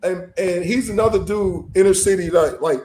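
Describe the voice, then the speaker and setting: A man from South Florida talking sports with a high, lively voice that keeps exclaiming and joking. His voice rings with a noticeable echo, as if in a bare, roomy space. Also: moderate pace. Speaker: co-host. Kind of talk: casual sports talk.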